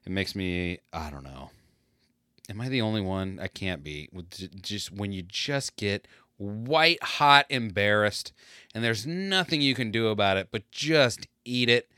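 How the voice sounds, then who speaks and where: A man in his late thirties rambles through an embarrassing story in a casual solo monologue, mocking himself as he goes. His voice is fairly low and smooth, and the sound is close and dry with no room around it. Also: measured pace, no echo. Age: 30s. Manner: rambling, self-deprecating, animated.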